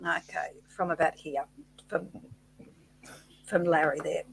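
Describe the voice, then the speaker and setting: A woman's voice: low-pitched, fairly even intonation, creaky, crowd noise. A woman with an Australian accent co-hosting a casual live chat, chatty and encouraging. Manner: chatty, encouraging, quick to laugh. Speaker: co-host.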